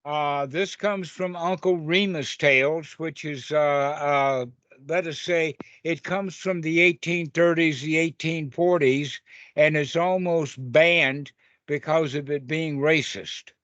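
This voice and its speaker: A man's voice: on the high side, fairly even intonation, slow, a bit bright, no echo, lo-fi sound. Folksy man teaching over a call. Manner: rambling, folksy, with frequent fillers. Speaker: meditation teacher. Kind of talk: informal Dharma talk and storytelling. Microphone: video call.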